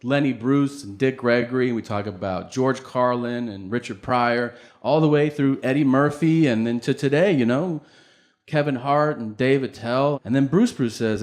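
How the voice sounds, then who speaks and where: A male stand-up works the stage with a handheld mic, animatedly telling a profane story and performing the dialogue himself. His mid-range voice moves at a moderate pace and sounds like it is in a large hall.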